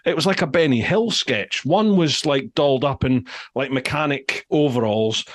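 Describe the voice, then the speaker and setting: A Scottish man hosting a relaxed podcast conversation. He tells stories in an animated way and laughs often as he talks. His voice sits at an ordinary middle pitch. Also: normal speed. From Scotland. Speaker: podcast host. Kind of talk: casual chat.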